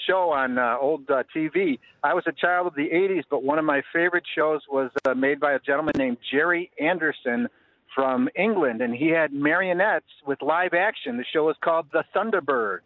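A man's voice: a little high, no room sound. Man rambling over a tinny phone line. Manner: rambling, many "uh" pauses, enthusiastic. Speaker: caller. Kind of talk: phoned-in radio chat. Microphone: telephone line.

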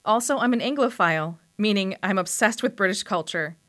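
A woman's voice: mid-range voice, a little fast, a bit bright. A woman in her forties with a Wisconsin accent, reading her own personal essay in a reflective storytelling manner for radio. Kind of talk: scripted personal essay narration.

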